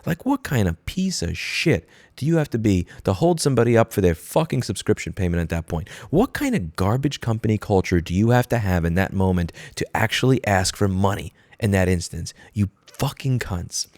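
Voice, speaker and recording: This man's voice sits on the low side, darkish and sing-song, moving fairly quickly with few pauses. Hosting a commentary video, he delivers an angry, profane, sarcastic rant and mockingly imitates corporate voices. The recording is dry, made close to a studio microphone.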